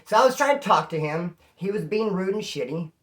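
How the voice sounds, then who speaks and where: A man's voice: high-pitched, brisk. Slangy man telling a prison story. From California. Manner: slangy, animated, acts out quoted voices. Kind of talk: casual spoken storytelling.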